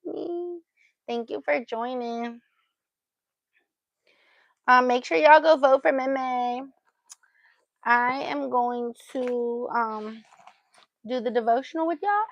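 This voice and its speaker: A woman's voice: a little high, creaky, dry recording, muffled recording. A woman hosting a casual livestream, chatting to viewers and cooing playfully at her pet between remarks. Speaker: livestream host.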